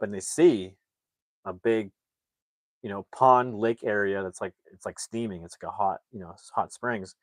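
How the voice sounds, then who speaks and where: Low-voiced guy rambling through a movie recap, loads of fillers, dry close sound. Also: dry recording. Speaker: movie reviewer. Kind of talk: casual plot recap.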